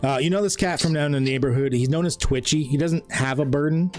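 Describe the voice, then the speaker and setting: A man's voice: a little high, fast talker, darkish tone, soft background music. A man from Canada narrating a tabletop game as game master, in loose, filler-heavy speech.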